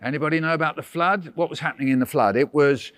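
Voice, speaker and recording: A man's voice: a little high, quick pace, dry recording. A man, a visiting author, running a playful storytelling workshop for children and coaxing them with questions.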